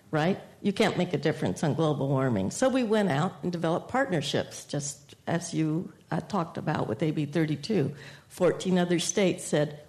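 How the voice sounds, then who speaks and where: A woman state senator on a panel, giving a steady, detailed explanation of policy. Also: fairly low pitch, creaky.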